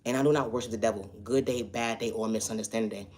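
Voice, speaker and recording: A man delivering an earnest spiritual motivational monologue, repeating affirmations and now and then breaking into loud, high shouted refrains. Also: steady tone, fast talker. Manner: repetitive affirmations, earnest and emphatic. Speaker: spiritual vlogger.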